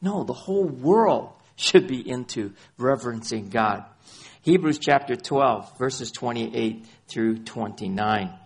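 A man's voice: medium pitch, lively intonation, slow, creaky, breathy edge. A man preaching a sermon as pastor, citing scripture by chapter and verse and repeating phrases for emphasis.

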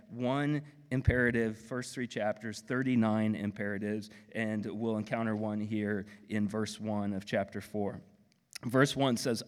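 A man with an Oklahoma accent preaching a sermon as pastor, conversational and animated, with playful asides. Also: on the low side, moderate pace. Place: church auditorium. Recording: long hall reverb.

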